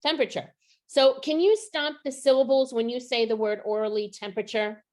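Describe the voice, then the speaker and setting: A woman's voice: a little high, steady tone, fairly quick, a little mellow. Woman teaching teachers on a video call. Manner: explaining step by step, asks questions. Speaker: literacy trainer. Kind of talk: online teacher training.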